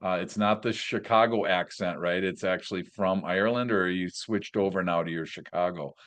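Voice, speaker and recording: A man's voice: low voice, normal speed, fairly bright tone. A man hosting a podcast, enthusiastic and affirming, using lots of fillers as he moves the conversation along. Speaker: podcast host. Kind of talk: podcast interview.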